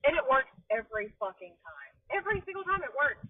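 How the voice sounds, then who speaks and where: A woman's voice: high-pitched, big pitch swings, quick pace, hardly any pauses, no room sound, narrow, tinny audio. A young woman hosting a podcast, telling a rambling story in casual chat from inside a car, swearing and amused at herself. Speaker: podcast host.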